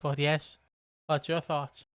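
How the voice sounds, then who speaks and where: A young British man co-hosting a casual podcast chat, excitable and rambling. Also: fairly high pitch, takes it slowly, no echo. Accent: British English. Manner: excitable, laughing, rambling lists. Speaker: podcast co-host.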